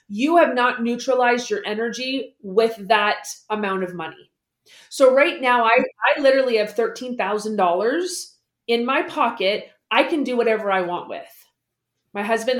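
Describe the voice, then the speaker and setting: A woman guest explaining money habits in a casual interview, lively and acting out the voices she quotes. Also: a little high, echoey room. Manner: animated, acts out quoted voices.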